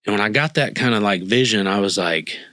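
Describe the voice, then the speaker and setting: A man's voice: on the low side, a little fast, sharp tone, no room sound. A man telling an emotional personal story as a podcast guest, earnestly acting out what people said to him. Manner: earnest, emotional, acts out quoted dialogue.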